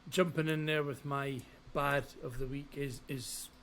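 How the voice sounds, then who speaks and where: A man's voice: medium pitch, steady tone, measured pace, fairly bright tone, a little hiss or hum. A man co-hosting a podcast, chatting casually and agreeably, often chiming in with short replies. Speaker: podcast co-host. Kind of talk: casual chat.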